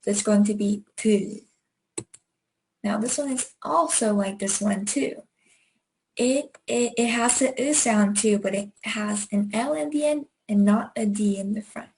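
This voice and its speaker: Slow, patient young woman teaching. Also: a little high, a little mellow, slight background noise, rough recording. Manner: patient, encouraging, spells out sounds syllable by syllable. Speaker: Korean language teacher. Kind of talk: slow, clear online language lesson.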